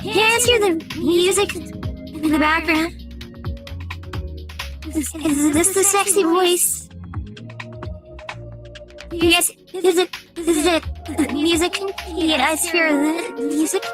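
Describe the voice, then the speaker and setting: A man's voice: very high voice, slow pace, long pauses. A man speaking through a girly voice changer filter while he chats with his viewers. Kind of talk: livestream chat through a filter. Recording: music playing behind.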